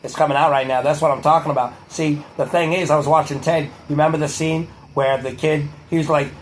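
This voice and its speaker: A man's voice: a little high, steady tone, fast talker, slight background noise, lightly acted, low-quality recording. A man doing a comedic impression of a boastful older male public figure, giving a rambling, profane pep talk with a hint of a Boston accent.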